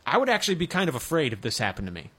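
A man's voice: a little high, huge pitch swings, racing, a bit bright, breathy edge. Joking radio sports host, a man. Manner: chatty, joking, with restarts. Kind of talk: casual sports talk.

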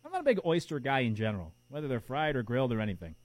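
A man's voice: mid-range voice, huge pitch swings, racing, no echo, soft background music. A man hosting a sports talk show, chatty and opinionated, tossing out rhetorical questions. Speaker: sports radio host.

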